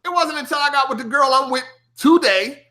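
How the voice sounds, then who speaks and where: A man streaming, telling a gaming story casually, with heavy slang and cursing, acting out his younger self in a higher, excited voice. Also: fairly quick.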